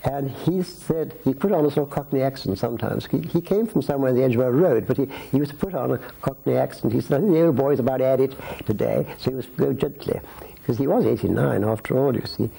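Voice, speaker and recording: A Scottish man in his eighties, a society photographer, tells long, rambling stories of his past during a filmed interview at home, full of restarts and asides. His medium-pitched voice moves quickly, mellow with vocal fry and a breathy edge. The recording quality is low.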